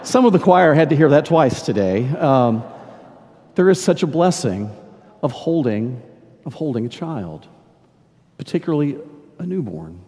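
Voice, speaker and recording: A man's voice: a little high, very animated. Older male pastor in a reverberant church. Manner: warm, halting, repeats words when searching for them. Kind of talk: sermon with storytelling. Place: large church sanctuary.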